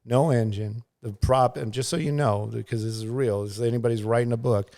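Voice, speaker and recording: A man's voice: mid-range voice, steady tone, a little fast, a little mellow. A middle-aged man, a news pilot and guest, telling a casual, rambling story full of fillers and restarts, and acting out sounds and quotes.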